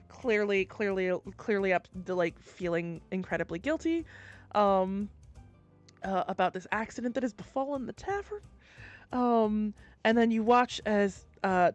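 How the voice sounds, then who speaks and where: A woman runs a tabletop game in a relaxed, halting way. She fills her narration with small pauses and fillers, at a middle pitch. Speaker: game master.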